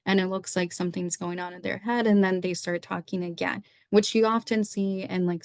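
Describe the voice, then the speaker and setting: A woman's voice: mid-range voice, clean tone, no echo, studio quality. A young woman, a psychiatry resident, teaching medical students through a slide lecture, running through lists of questions in an explanatory way. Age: young adult.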